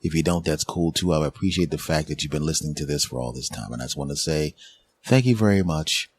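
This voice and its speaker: A man's voice: extremely low pitch, fast talker, slightly rough. A man, giving a rambling, joking comedy monologue as a podcast host. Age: 40s. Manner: joking, rambling, self-mocking.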